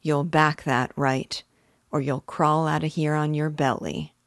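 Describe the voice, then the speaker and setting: A woman voicing a soft-spoken, menacing gunman. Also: low voice, steady tone, dry recording, studio quality. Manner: soft, quick and sharp. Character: cold, menacing male hired gunman.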